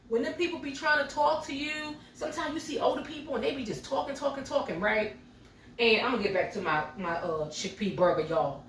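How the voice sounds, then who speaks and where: A woman's voice: high-pitched, a little fast, fairly bright tone, slight background noise. A middle-aged woman telling a story to her viewers in a casual, chatty way while she cooks at home. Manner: chatty, talks straight to viewers as y'all. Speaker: home cooking vlogger. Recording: roomy sound from a distance.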